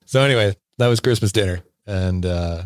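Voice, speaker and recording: A man with a lowish voice tells a rambling holiday story, laughing as he goes. The podcast mic is close and dry, with no room sound. His talk is loose and full of fillers. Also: brisk, dry recording. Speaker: podcast co-host. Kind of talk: casual storytelling chat.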